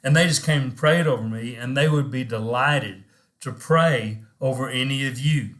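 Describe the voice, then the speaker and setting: A man's voice: medium pitch, moderate pace, a bit bright. Middle-aged male minister, plain earnest delivery, casual encouraging talk to camera.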